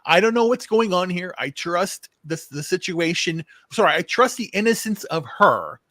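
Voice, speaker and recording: A man's voice: sits high, expressive, moderate pace, bright, forceful tone, dry recording, clean studio sound. A man hosting a casual political chat show, rambling with frequent restarts and repeated words, and swearing now and then. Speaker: show host.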